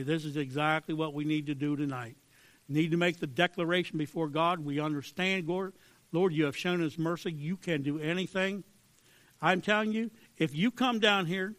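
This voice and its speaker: A man preaching a fervent sermon, swinging between hushed pleading and loud emphasis. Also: fairly high pitch, no echo. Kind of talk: sermon with altar call.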